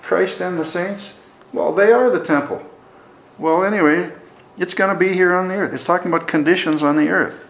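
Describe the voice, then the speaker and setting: A man's voice: high voice, moderate pace, fairly bright tone, reverberant, rough recording. A middle-aged man preaching a sermon in a conversational Bible-teaching manner, with folksy asides.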